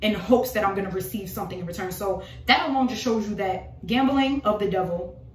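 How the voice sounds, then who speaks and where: A woman's voice: medium pitch, a little fast, distant mic. Emphatic woman preaching in a roomy space. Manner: emphatic, repetitive, rhetorical. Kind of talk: informal prophetic preaching. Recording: roomy voice from off the mic.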